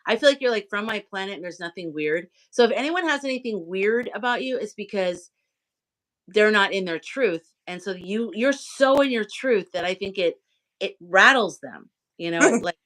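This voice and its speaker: A woman's voice: mid-range voice, a bit bright. A woman hosting a casual livestream chat, talking freely with lots of fillers and acting out the voices of people she quotes. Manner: chatty, acts out quoted voices, many fillers. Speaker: livestream host. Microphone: live video stream.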